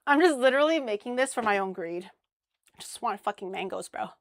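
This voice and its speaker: Young woman streamer, loose and crude, mid-pitch, dry close-mic sound. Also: expressive, a little fast, no echo. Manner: chatty, crude jokes, swears casually. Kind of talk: casual cooking stream chat.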